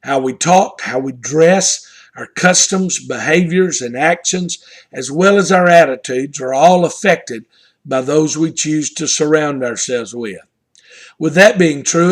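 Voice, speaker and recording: Older southern guy, bit high voice, folksy earnest devotional talk. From Southern United States. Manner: earnest, homespun storytelling. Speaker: pastor. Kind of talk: devotional message.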